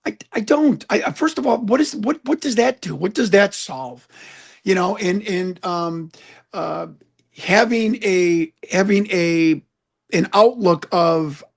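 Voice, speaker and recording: A man's voice: high-pitched, takes it slowly, vocal fry. A man, a guest and UFO investigator, talking earnestly in an interview, often repeating words as he searches for the next thought. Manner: earnest, preachy, repeats words when stuck. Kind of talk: conversational interview.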